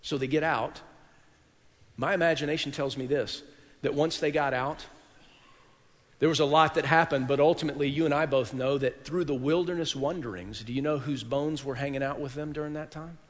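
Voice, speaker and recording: A man preaching a sermon in a church, telling a story dramatically and swinging from hushed tones to loud peaks. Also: on the high side, steady tone, brisk, in a large hall. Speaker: pastor. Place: church worship hall.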